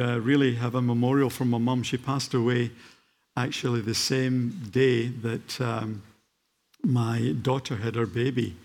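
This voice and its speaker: A guest preacher delivers a church sermon: an older man from Scotland whose accent is faint. He speaks in a mid-range voice, halting with fillers and then rising into fervent emphasis.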